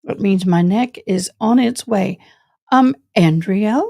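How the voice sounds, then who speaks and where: A woman from Tennessee hosts a casual livestream, chatting loosely and peppering her talk with "y'all". Her voice sits at an ordinary middle pitch. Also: animated, moderate pace, creaky, dark tone. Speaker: true crime livestream host.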